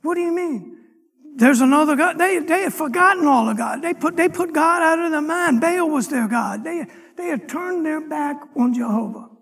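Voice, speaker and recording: A man deacon preaching a sermon, reading scripture and retelling it with animated, dramatic storytelling. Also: very high voice, normal speed, gravelly, big-room sound. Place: church hall.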